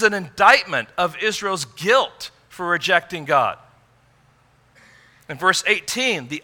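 A man preaching a sermon in an earnest way, rising to emphatic peaks and dropping low and quiet. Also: lively intonation, measured pace. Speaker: pastor.

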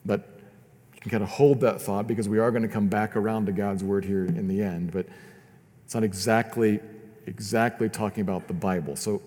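A man's voice: lowish voice, steady tone, a little fast, darkish tone, long reverb tail. A man preaching a sermon as pastor, earnest and often repeating words as he builds his points.

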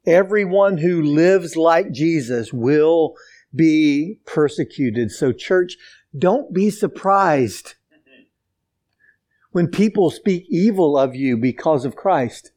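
A man's voice: a little high, slow, warm tone. A man preaching a sermon, emphatic and repetitive, speaking straight to his congregation. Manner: emphatic preaching with repeated phrases, addresses the church directly. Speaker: pastor.

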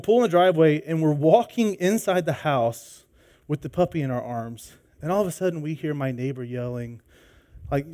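A man preaching a sermon as pastor, opening with a lively personal story and acting out the voices in it. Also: fairly high pitch. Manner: animated storytelling, acts out voices.

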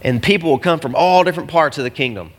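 A man preaching a sermon as pastor, talking to his congregation in a casual, animated way with slangy asides. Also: on the high side, quick pace, big-room sound. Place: church hall with an audience.

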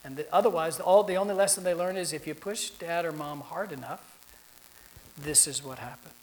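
A man's voice: on the high side, normal speed, slight background noise, poor audio. A middle-aged man, a pastor, teaching a class for parents in a conversational, anecdotal way, laughing often.

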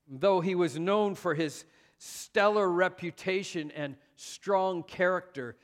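A man preaching a sermon as pastor, conversational and self-deprecating, with frequent fillers. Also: high voice.

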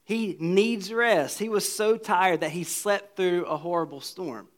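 High-voiced man preaching a sermon. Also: a little slow. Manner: earnest preaching, drops low and quiet for emphasis, reads scripture aloud. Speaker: pastor.

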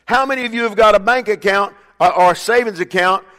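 Older male preacher, high voice, echoing hall. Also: fast talker. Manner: preaching with call-and-response, swinging between loud emphatic bursts and quiet asides. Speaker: pastor. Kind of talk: sermon. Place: church sanctuary. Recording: long reverb of a church hall.

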